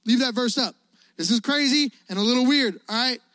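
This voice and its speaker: A man preaching a casual, energetic youth sermon, telling stories and asking his listeners questions. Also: extremely high pitch, fairly quick, dry recording. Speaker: youth pastor.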